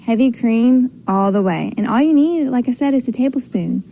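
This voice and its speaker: A woman's voice: a little high, expressive, moderate pace, creaky, dark tone. A woman calling in to a radio show, chatty and upbeat, with plenty of fillers. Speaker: caller. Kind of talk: phone-in voicemail.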